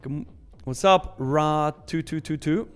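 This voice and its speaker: A man's voice: on the high side, unhurried, smooth, soft background music. Upbeat young man hosting a live stream. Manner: chatty, upbeat, laughs often, slang like fire. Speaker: live trading stream host. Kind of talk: casual live-stream chat reading viewer comments.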